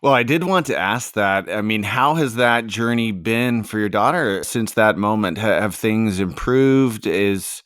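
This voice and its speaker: A man hosting a podcast, asking his guest gentle, halting follow-up questions. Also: lowish voice, dry recording, clean studio sound. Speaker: podcast host. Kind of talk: interview questions.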